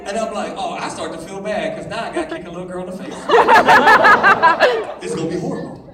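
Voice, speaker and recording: A man telling a comic story to a live audience as a youth event speaker, loud and animated, acting out laughs and voices. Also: high-pitched, brisk, heavy background noise. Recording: echoey hall, distant mic, loud crowd.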